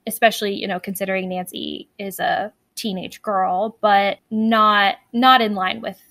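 A woman co-hosting a podcast in casual chat, talking fast and loose with lots of fillers and restarts. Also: mid-range voice, little pitch movement, fairly bright tone, no room sound. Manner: chatty, many fillers and restarts. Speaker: podcast co-host.

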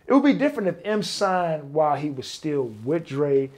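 Animated man telling stories. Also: fairly high pitch, normal speed. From Detroit, US. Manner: animated, acts out quoted dialogue. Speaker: interview guest, former bodyguard. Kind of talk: casual storytelling interview.

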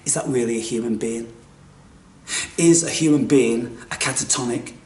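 A man delivering a theatrical spiritual monologue, swinging from hushed whispers to loud outbursts. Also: medium pitch, normal speed, background noise. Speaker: spiritual video maker. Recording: echoey room, distant mic.

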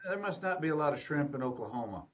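A man's voice: a little high, expressive, quick pace, a bit bright, lo-fi sound. A man hosting an interview, chiming in with brief remarks and asides. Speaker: interview host. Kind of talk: casual interview chat.

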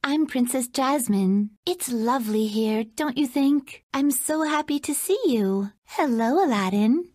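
Princess Jasmine. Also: female voice, high-pitched, animated, measured pace, hardly any pauses, mellow, no room sound. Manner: polite, sweet, lightly teasing. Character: spirited young princess, warm and gracious. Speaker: game character voice. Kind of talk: game voice clips. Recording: dry studio voice recording.

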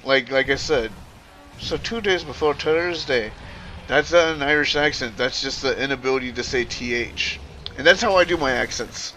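A man streaming, ranting casually to his chat in an animated, profane, rambling way with frequent self-corrections. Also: mid-range voice, a little fast, faint music behind.

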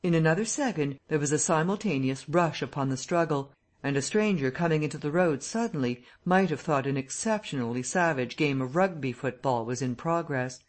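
A man reading a classic novel aloud as an audiobook narrator, telling the story in a steady, even way. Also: on the high side, fairly quick.

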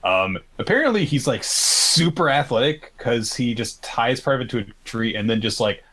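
A man's voice: mid-range voice, lively intonation, normal speed, fairly bright tone. A man co-hosting a podcast, retelling a story in a rambling casual chat with lots of fillers and the odd swear. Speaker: podcast co-host.

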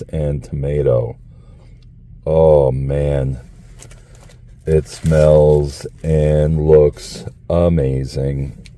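A man's voice: rumbling low, dark tone, no echo, low-quality recording. A man doing a casual food review vlog, chatty and enthusiastic, talking to his viewers as folks.

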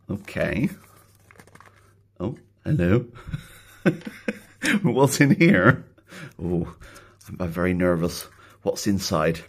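Excitable man with a husky voice. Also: sits low, slow, long pauses. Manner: excitable, jokey, laughs often. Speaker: YouTuber unboxing a package. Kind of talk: casual unboxing vlog. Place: indoors, later outside in his back garden.

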